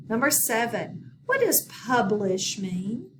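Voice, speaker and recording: A woman teaching a phonics lesson in a recorded video, slow and patient, often checking in with her students. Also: on the high side, lively intonation. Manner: slow, patient, instructive with repeated prompts. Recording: distant mic with background noise.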